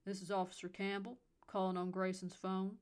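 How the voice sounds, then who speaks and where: A condescending old policeman with a deep Southern accent drawls on and on, as a woman reader puts him on. He sounds folksy and sure of himself. The story is told as a spoken audiobook. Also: completely flat delivery, normal speed, clear, resonant tone, lightly acted. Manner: drawling, patronizing.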